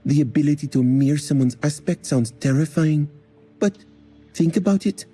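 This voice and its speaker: A man's voice: fairly high pitch, moderate pace, dark tone, slightly rough, soft background music, pitched above the performer's own voice. A man voicing a cocky, sleepy female warrior. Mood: confident.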